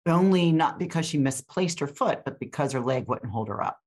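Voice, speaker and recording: Very low-voiced woman in rambling chat. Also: expressive, brisk, darkish tone. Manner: rambling, with restarts and many fillers. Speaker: podcast co-host. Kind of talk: casual chat.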